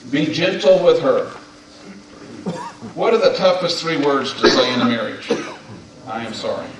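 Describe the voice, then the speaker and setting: A man in his fifties gives a folksy, emphatic sermon on marriage at a men's gathering, leading the audience in call-and-response as they repeat his words. His voice is a little high with lively intonation and a moderate pace. The recording comes from an echoey hall on a distant mic, with a crowd audible in the background.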